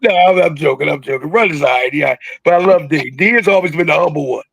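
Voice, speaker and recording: A man in his sixties telling stories as a guest in a casual interview, animated and joking, acting out quotes with big jumps in his voice. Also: fairly high pitch, fast, gravelly, slightly rough, dry recording, low-quality recording. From Philadelphia. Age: 60s. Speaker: guest, veteran rapper.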